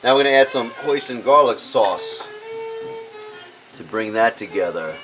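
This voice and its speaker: Casting: male home-cook host, joking, loud catchphrases, clear music underneath. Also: mid-range voice, animated, measured pace, poor audio. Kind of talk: casual live cooking show. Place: home kitchen with pan sizzling.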